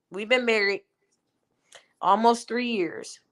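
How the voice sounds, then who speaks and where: A woman's voice: on the high side, animated, takes it slowly, sharp tone. A woman in her twenties telling a personal story on her vlog in an emphatic, venting way, talking straight to her viewers. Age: 20s. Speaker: vlogger and mother.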